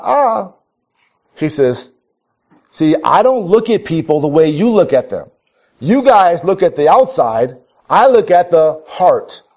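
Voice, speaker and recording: A man from Minnesota, with a fairly high and slightly mellow voice, preaches a sermon in a conversational style. He recounts stories wryly, restarting his sentences again and again. Dull, lo-fi audio.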